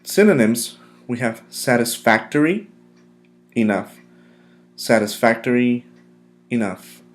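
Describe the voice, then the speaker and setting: Male teacher, mid-pitched voice, clear and emphatic, steady lesson delivery. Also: slow, faint music behind. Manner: clear, emphatic drilling of words. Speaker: English vocabulary teacher. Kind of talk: recorded vocabulary lesson.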